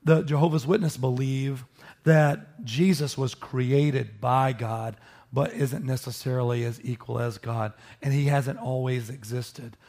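A man preaching a sermon, teaching with animated emphasis and joking with his listeners. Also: medium pitch, unhurried, creaky. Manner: animated, rises sharply for emphasis, jokes with listeners. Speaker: pastor.

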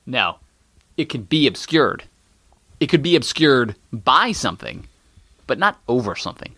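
A male co-host with a bright, forceful voice that swings all over the place as he rants. His banter is exasperated and full of curses, recorded dry and close. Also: mid-range voice, unhurried, no room sound. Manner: animated, exasperated, swears. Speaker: podcast co-host. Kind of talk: comedic podcast banter.

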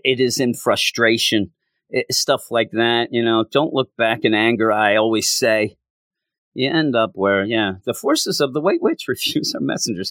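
A male comic reviewer rants casually in a fairly bright voice, recorded dry and close with no room sound. Exasperated, his pitch leaps high in frustration, and he sarcastically mimics the characters to mock them.

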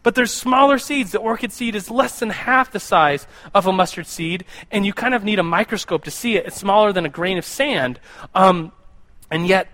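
High, bright-voiced man giving a casual sermon. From United States. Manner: rambling, repeats words, asks the audience questions. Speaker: youth pastor or Bible teacher. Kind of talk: casual sermon to a live group.

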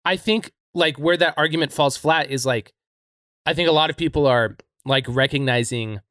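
A thoughtful man works through ideas aloud in a casual podcast, often restarting his sentences and filling gaps with "like." His voice sits a little high for a man. The recording is dry and close. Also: fairly bright tone, no room sound. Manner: thoughtful, halting, many "like" fillers.

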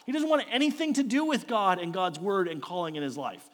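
A man's voice: high voice, expressive, a little fast. Male preacher in a reverberant hall. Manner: storytelling, rhetorical questions, shifts between loud emphasis and quiet asides. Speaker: pastor. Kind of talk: sermon.

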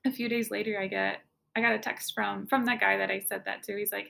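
A woman's voice: medium pitch, flat delivery, fast, vocal fry, sharp tone. A woman telling her personal story as an interview guest, in a casual, conversational way, often saying "like". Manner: casual, conversational, fills speech with "like".

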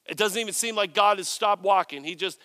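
A male pastor delivers a sermon, retelling a story with lively, animated delivery and acting out the quoted lines. His voice is bright and a touch high for a man. The sound is dry and close, with no room echo. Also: a little fast.

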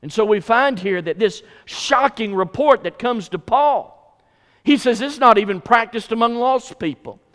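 Middle-aged male preacher, high-pitched, emphatic, heard in a reverberant hall. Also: lively intonation, a little slow, fairly bright tone. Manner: emphatic, repeats phrases for stress. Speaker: pastor. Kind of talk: sermon. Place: church sanctuary.

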